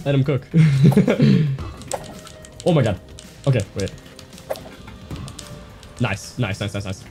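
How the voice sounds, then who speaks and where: A young man giving excited gameplay commentary, swinging from muttering to yelling. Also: mid-range voice, slow pace, vocal fry, pauses often, soft background music. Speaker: gaming streamer.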